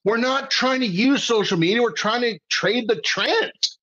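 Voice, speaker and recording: A man teaching options trading in a live webcast, animated and full of rhetorical questions, tagging "okay?" onto his points. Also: extremely high pitch, moderate pace, few pauses, highs cut off. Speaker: trading coach.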